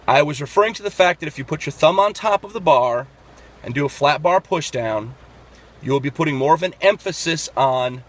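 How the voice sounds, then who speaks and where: A man explaining workout technique in a casual fitness vlog, talking step by step with lots of fillers and restarts. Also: fairly high pitch. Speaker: fitness vlogger.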